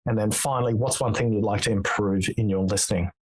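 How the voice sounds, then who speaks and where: A man being interviewed as a guest, speaking in a measured, explanatory way and telling stories with quoted dialogue. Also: on the low side, steady tone, breathy edge, poor audio. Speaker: podcast guest, author on listening. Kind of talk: interview conversation.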